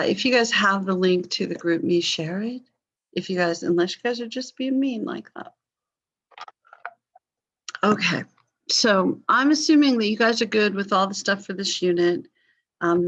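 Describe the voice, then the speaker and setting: A woman teaching a history class online, casual and apologetic, with many fillers. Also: lowish voice. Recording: slightly dull lo-fi call audio.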